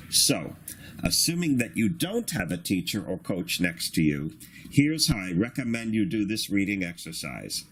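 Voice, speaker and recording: Slow, lively low-voiced male teacher. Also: husky. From Australia. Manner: patient, instructive, drawn-out syllables. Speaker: Hebrew reading teacher. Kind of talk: slow recorded reading lesson.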